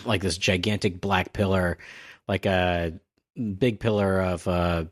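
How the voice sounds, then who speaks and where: A man's voice: low voice, steady tone, measured pace. A man casually recapping a comic chapter on a podcast, rambling with fillers and cracking self-deprecating jokes.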